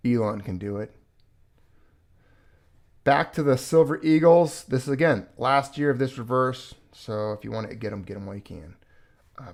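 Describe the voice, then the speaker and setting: Gravelly man rambling on a livestream. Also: mid-range voice, a little mellow. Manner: rambling, with fillers and restarts. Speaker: livestream host. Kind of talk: casual livestream chat.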